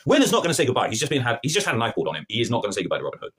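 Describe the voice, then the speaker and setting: A man's voice: mid-range voice, big pitch swings, very fast, hardly any pauses, fairly bright tone, breathy edge. A man reviewing a TV episode to camera in an exasperated, sarcastic, slangy rant. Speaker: film and TV reviewer.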